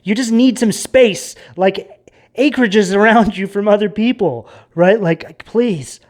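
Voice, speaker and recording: Tarot reader, casual reading to camera, rambling, chatty, tag questions, mid pitch, hushed asides.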